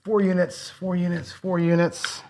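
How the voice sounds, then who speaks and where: A man's voice: sits high, little pitch movement, unhurried, a little mellow. A man hosting a casino craps video, thinking aloud through bet math, correcting himself and chatting to viewers. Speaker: host playing casino craps. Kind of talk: casual gambling commentary.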